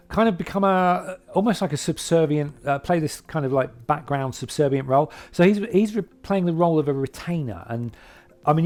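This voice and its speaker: A man's voice: a little high, darkish tone. A man talking casually to camera, rambling and hesitant, with lots of fillers and restarts. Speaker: vlogger describing his hobby.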